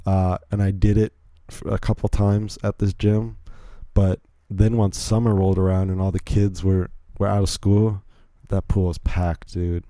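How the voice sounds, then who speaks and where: Young male podcast host, very dark and mellow low voice, dry close sound, rambling and self-deprecating. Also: little pitch movement, moderate pace, hardly any pauses, no echo. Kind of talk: casual monologue.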